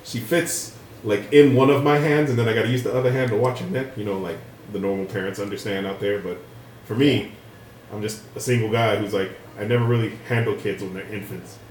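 A young man co-hosting a podcast, chatting casually and telling stories animatedly, swearing and jumping his voice high when he quotes people. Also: fairly quick. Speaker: podcast co-host. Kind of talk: casual chat, storytelling. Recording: roomy room, voice slightly off-mic, faint noise.

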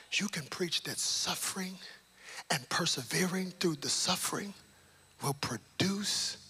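A man preaching a sermon, animated and lively, swinging between loud emphatic lines and hushed, near-whispered passages. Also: fairly high pitch, husky.

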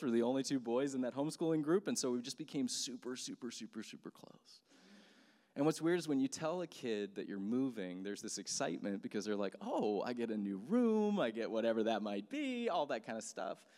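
A man in his thirties telling a personal story as a sermon, speaking casually with many fillers. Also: mid-range voice. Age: 30s. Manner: conversational, animated, many fillers. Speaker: pastor. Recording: long hall reverb.

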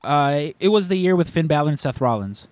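A man's voice: fairly high pitch, a little fast, no room sound. A man hosting a podcast, telling a long story in casual chat, rambling and correcting himself as he goes. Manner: rambling, self-correcting, animated retelling.

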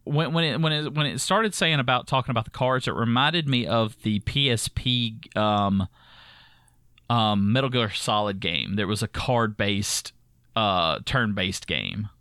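A man's voice: fairly low pitch, measured pace, clean tone, no echo, studio quality. A man with a thick Southern accent, co-hosting a casual gaming podcast in a chatty, rambling way. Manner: chatty, rambling, animated when ranting. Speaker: podcast co-host. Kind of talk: casual chat.

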